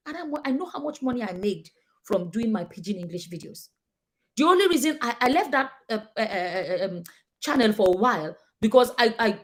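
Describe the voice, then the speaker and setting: Nigerian lady vlogging, emphatic chatty commentary, voice on the higher side. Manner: animated, emphatic, acts out quoted people. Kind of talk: casual commentary to camera.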